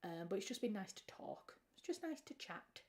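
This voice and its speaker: British woman host, casual rambling livestream chat, mid pitch, lots of restarts. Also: sing-song, moderate pace, darkish tone. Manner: chatty and rambling, with frequent restarts and fillers. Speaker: writer hosting a livestream.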